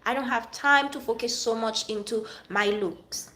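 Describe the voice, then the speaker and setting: Higher-pitched woman venting in an echoey room. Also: normal speed. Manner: direct, addresses an absent friend. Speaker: vlogger. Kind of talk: emotional personal vlog rant. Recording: echoey room with faint noise.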